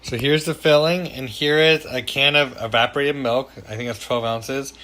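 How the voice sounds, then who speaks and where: Bright-voiced man chatting through a kitchen demo. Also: medium pitch, steady tone, normal speed. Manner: chatty and self-deprecating, with fillers and asides. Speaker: cooking show host. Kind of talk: casual cooking demonstration. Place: home kitchen.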